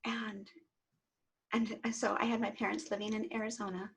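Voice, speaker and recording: A middle-aged woman who teaches Reiki is a guest on an interview show, earnestly sharing her personal story in conversation and often repeating words as she starts a sentence. Her mid-range voice is creaky and husky, with flat delivery at a moderate pace, and the recording is low quality.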